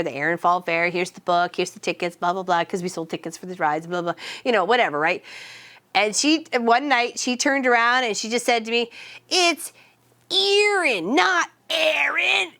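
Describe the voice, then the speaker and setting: A woman's voice: medium pitch, a bit bright, smooth. A woman in casual chat with her viewers, telling stories, laughing often and teasing people by name. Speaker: streamer chatting with viewers.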